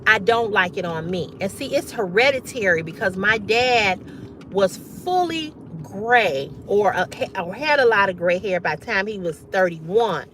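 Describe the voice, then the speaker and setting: A woman hosting a casual livestream, chatting with viewers, reading their comments aloud and often bursting into loud laughter. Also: mid-range voice, measured pace, slight background noise. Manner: animated, reads comments aloud and reacts. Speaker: livestream host.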